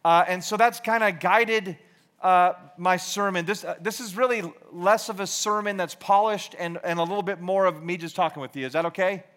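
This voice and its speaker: A man in his forties, from Georgia, talks through a youth ministry sermon like a casual chat. His voice sits a bit high, and he rambles, restarts his sentences and pokes fun at himself. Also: normal speed, fairly bright tone. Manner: rambling, self-deprecating, many fillers and restarts.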